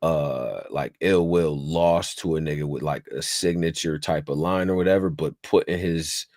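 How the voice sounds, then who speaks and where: A man's voice: extremely low pitch, normal speed, no echo, studio quality. A man co-hosting a casual podcast, animatedly recapping a rap battle and quoting lines. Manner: animated, repeats phrases, quotes bars. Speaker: podcast co-host.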